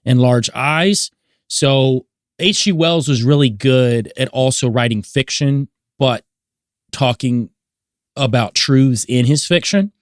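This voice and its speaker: A man in a casual podcast chat, briskly running through a string of facts. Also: medium pitch, no echo, clean studio sound. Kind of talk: casual chat, explaining history.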